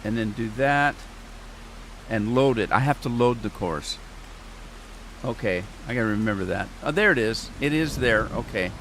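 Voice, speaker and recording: A man's voice: medium pitch, lively intonation, moderate pace, a bit bright, a little hiss or hum. A man hosting a gameplay stream, chatting casually and talking to himself as he plays. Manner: rambling, chatty, talks to himself and chat. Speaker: gaming channel host. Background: rain sounds from the game.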